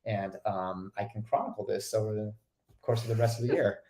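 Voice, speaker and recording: A man co-hosting a podcast in relaxed casual chat, upbeat and teasing. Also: fairly low pitch, fairly quick. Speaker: podcast co-host. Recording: roomy echo.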